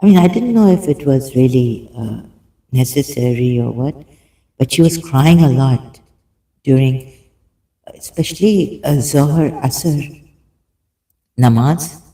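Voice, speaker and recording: Man, gravelly, very slow, hesitant reading with commentary, many fillers. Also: medium pitch, lively intonation, mellow, low-quality recording. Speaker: video commentator. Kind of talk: halting reading aloud with commentary.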